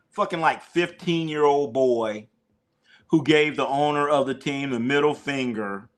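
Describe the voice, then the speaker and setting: Man, sports stream host, casual profane talk, animated, mimics whiny voices. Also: mid-range voice.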